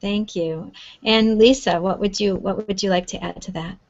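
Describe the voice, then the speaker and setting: A woman's voice: medium pitch, fairly even intonation, normal speed, no echo. A woman hosting and moderating a panel discussion, in a loose, friendly manner with fillers, over muffled lo-fi online audio.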